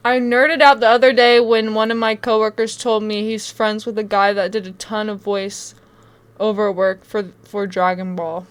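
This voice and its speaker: A woman streamer reacts in casual chat with a mid-range pitch. She talks while eating, slangy and quick to swear. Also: flat delivery, clear, resonant tone.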